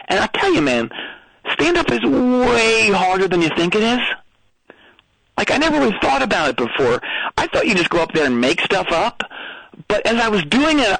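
A man's voice: sits high, gravelly, fairly bright tone, no echo, low-quality recording. A man calling in to a radio comedy show, telling a rambling story with lots of stammers and restarts. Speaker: caller.

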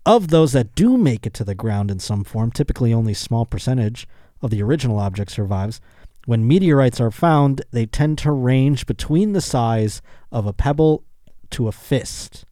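A male podcast host reads a news story and keeps breaking off to joke about it, laughing along the way. His voice is warm and relaxed, in a mid-range pitch. The sound is dry and close. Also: moderate pace, dry recording. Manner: joking, riffs on the article, laughs often. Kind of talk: casual comedic chat, reading news aloud.

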